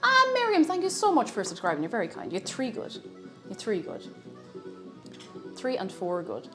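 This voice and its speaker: A woman's voice: medium pitch, big pitch swings, moderate pace, music in the background. Chatty woman streamer cooking live. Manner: chatty, self-interrupting, playful. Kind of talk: casual live-stream chat while cooking.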